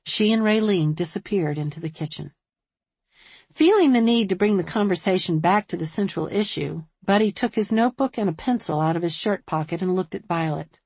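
A woman reading a novel aloud as narrator, with a husky voice. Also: lowish voice, animated, a little fast, darkish tone, no echo. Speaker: audiobook narrator. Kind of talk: scripted narration.

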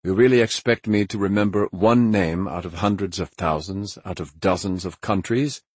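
A man's voice: low-pitched, normal speed, darkish tone, slightly rough, dry recording. A man voicing a sneering, vulgar smuggler. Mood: incredulous. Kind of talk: audiobook character voice.

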